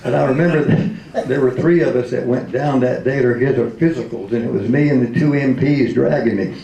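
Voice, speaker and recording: A man's voice: medium pitch, a little fast, gravelly, mellow, slight background noise. A man in his seventies, a retired radio DJ, telling comic stories in a speech, laughing often and slipping into voices. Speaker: retired radio DJ, convention speaker. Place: convention hall. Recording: roomy hall.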